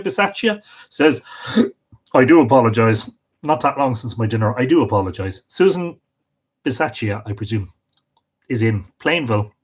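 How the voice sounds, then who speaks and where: Irish man chatting through live comments. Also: a little high. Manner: chatty, warm greetings to each name, small slips and restarts. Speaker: livestream host greeting viewers. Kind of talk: casual live chat reading out comments.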